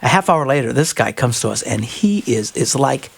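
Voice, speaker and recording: Gravelly, lively man telling a funny story. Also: medium pitch, moderate pace. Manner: animated storyteller, laughs often mid-sentence. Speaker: radio show host. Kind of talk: comedic relationship advice talk.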